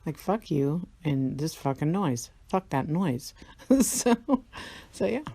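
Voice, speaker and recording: A woman's voice: deep voice, lively intonation, slow pace, dark tone, slightly rough, no room sound. A tired woman in a casual vlog monologue, rambling, swearing a lot and laughing often. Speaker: vlogger.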